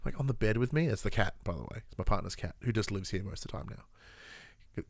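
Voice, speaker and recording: A man's voice: on the low side, fairly quick, creaky, dry recording. A tired man, co-hosting a podcast, telling stories animatedly and swearing freely in casual chat. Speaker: podcast co-host.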